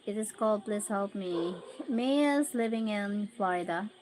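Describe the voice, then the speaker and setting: A woman's voice: mid-range voice, unhurried, darkish tone, a little hiss or hum, rough recording. A Filipino woman hosting a casual livestream, chatting with viewers and often laughing as she reads their names and comments aloud. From Philippines. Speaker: livestream host.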